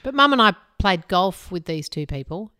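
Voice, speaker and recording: A woman's voice: fairly low pitch, big pitch swings, moderate pace, pushed and bright, clean tone, dry recording, clean studio sound. A middle-aged woman co-hosting a podcast, telling anecdotes and acting out what people said. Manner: chatty storyteller, acts out quoted speech. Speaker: podcast co-host. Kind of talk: casual chat.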